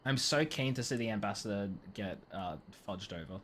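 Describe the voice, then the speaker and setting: A woman streaming a game, chatting in an animated, rambling way with lots of tangents and giggling. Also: rumbling low, normal speed, slight background noise. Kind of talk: gaming stream commentary.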